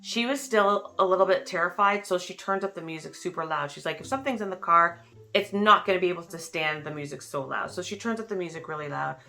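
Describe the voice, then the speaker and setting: A woman in her thirties telling a story to her followers, animated and acting out the quotes with big jumps in pitch. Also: fast talker. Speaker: vlogger. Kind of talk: casual storytelling.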